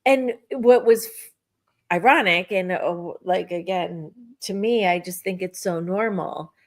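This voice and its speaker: A middle-aged woman telling a personal story in casual spiritual chat, animated and acting out her own thoughts. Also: lowish voice, unhurried. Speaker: podcast co-host.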